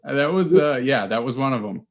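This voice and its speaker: A man's voice: medium pitch, lively intonation, moderate pace, gravelly. A man co-hosting a comedy podcast in casual banter, laughing often as he reads out odd phrases.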